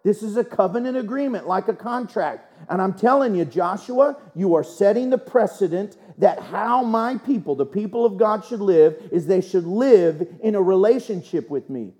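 A man's voice: high voice, expressive, moderate pace, few pauses, dark tone. A man voicing God as a firm, fatherly figure giving a warning. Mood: stern. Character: stern God, rebuking and instructing.

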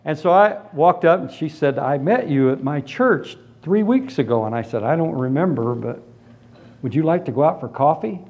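A man preaching and giving his personal testimony, telling it as a lively story and acting out the other people in it. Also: fairly high pitch, normal speed, muffled recording. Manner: animated storytelling, acts out voices. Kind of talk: testimony sermon.

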